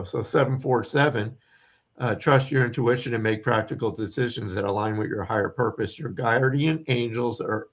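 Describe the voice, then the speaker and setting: A hoarse man co-hosting a casual spiritual live stream, candid and rambling, who says he is losing his voice. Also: mid-range voice. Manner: candid, rambling, restarts often. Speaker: co-host, spiritual medium.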